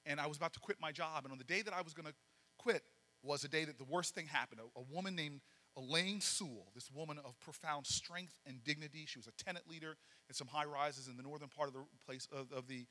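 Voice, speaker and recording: A man giving a storytelling speech at a banquet, acting out the dialogue with lively energy. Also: fairly high pitch, fast. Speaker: political speaker. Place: large banquet hall. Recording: reverberant hall.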